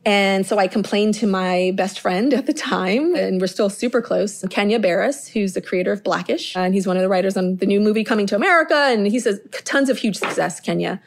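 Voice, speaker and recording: A middle-aged woman talks as an interview guest, animated and chatty. Her voice sits at an ordinary middle pitch. She leans on "like" as she spins her stories. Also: a little fast, hardly any pauses. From Inglewood, California. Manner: animated, chatty, full of "like" fillers. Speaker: guest, model and TV producer. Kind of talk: casual storytelling interview.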